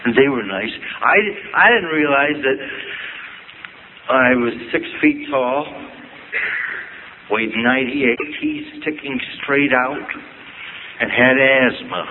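An older man from Ohio telling reflective, wry stories about his youth, with gentle pauses and humor. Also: mid-range voice. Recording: tinny phone-like audio with noise.

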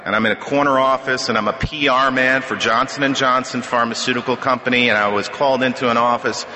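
A middle-aged man sharing his recovery story at a meeting podium, wry and self-deprecating, with halting restarts. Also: mid-range voice, steady tone, sharp tone. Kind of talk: personal testimony at a podium. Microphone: podium microphone. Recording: echoey hall reverb.

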